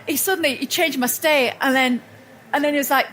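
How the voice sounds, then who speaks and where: A woman's voice: high-pitched, fairly even intonation, fairly quick, a little hiss or hum. A woman giving a motivational talk at a live event, telling stories and often restarting her sentences. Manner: warm storytelling, frequent restarts and self-corrections. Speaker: speaker at a personal growth expo. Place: event hall with audience.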